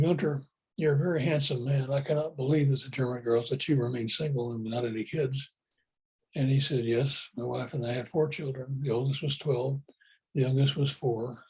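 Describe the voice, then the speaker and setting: Man, personal storytelling, mellow husky voice, calm, matter-of-fact. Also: mid-range voice, low-quality recording. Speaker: speaker telling spiritual experiences.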